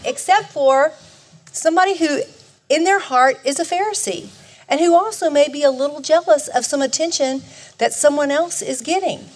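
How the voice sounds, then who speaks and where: Earnest woman teaching a Bible lesson. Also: sits high. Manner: earnest, conversational, often restarts mid-sentence.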